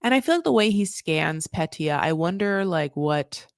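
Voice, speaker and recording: A woman hosting a casual recap podcast, animated and sarcastic, swinging between loud outbursts and muttered asides. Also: on the low side, moderate pace, no echo, studio quality. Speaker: podcast host.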